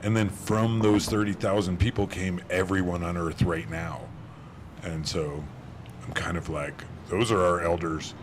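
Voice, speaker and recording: Deep slow-talking playful man. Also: steady tone, noisy background. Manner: playful, joking, laughs often. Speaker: panelist artist. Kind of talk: casual panel talk.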